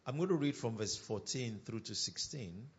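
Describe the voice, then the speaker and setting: A man's voice: mid-range voice, lively intonation, slightly rough, highs cut off. A man preaching a sermon, reading scripture and repeating his key points with emphasis. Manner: emphatic repetition, slow deliberate phrasing.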